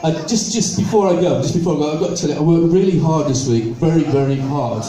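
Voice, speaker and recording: An older man doing stand-up comedy, chatting fast between slow, drawn-out comic song lines. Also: fairly high pitch, a crowd in the background. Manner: chatty, singing in a slow drawl, quick asides. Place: live gig venue. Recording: echoey room from far off, music.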